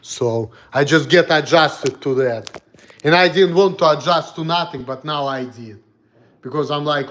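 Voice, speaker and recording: A young man from Russia with a Russian accent, ranting bluntly and profanely on a livestream, repeating himself and swinging between loud and soft. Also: fairly high pitch, measured pace. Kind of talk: casual rant to stream.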